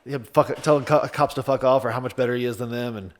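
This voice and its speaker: A man's voice: medium pitch, steady tone, fast talker, a little hiss or hum. A man hosting a casual podcast, rambling and stacking up fillers as he talks. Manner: rambling, full of fillers and restarts. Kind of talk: casual comedic chat.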